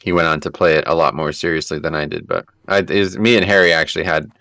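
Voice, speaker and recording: A man streaming a game, telling a rambling story in an animated, casual way and swearing freely. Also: a bass voice, fast, no room sound.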